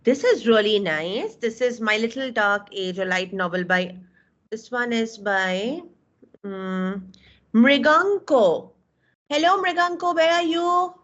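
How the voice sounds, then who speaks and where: Indian English woman instructor, slow-spoken, fairly high, dull video-call audio; encouraging. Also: animated, fairly bright tone. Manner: encouraging, effusive praise, calls out names. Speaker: webinar instructor. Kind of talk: live online class, reviewing student work.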